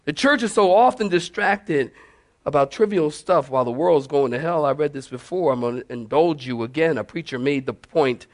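A male pastor preaching a sermon, animated and storytelling with laughing asides. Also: on the high side, normal speed.

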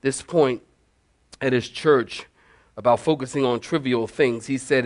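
A male pastor preaching a sermon, animated and storytelling with laughing asides. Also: medium pitch, a little slow.

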